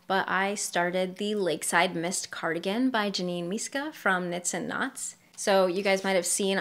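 A woman's voice: mid-range voice, a bit bright. A young woman with a mild Massachusetts accent, chatting casually as host of a knitting podcast while she shows her projects and laughs lightly. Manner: chatty, laughs lightly, thinks aloud while showing work. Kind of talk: casual show-and-tell chat.

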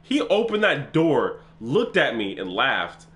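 An excitable man talks through a horror game for his channel, his pitch swinging widely from low mutters to high yelps. His voice has a bright, forceful edge, and he swears freely. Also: slow. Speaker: gaming channel host. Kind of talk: let's play commentary.

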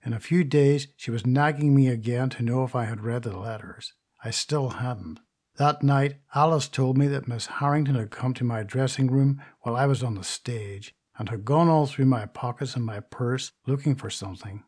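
A man's voice: mid-range voice, normal speed, darkish tone, husky, close to an everyday voice. A man reading a vain, indignant stage actress. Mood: indignant gossip. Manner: gossipy, indignant confiding. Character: vain grand stage actress, middle-aged woman. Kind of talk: audiobook reading.

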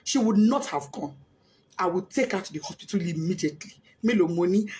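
A middle-aged woman with a Nigerian accent, a bereaved mother giving impassioned, grief-stricken testimony that swings between shouting and hushed speech, often crying. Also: on the high side, lively intonation, moderate pace. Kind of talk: emotional spoken testimony. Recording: echoey room.

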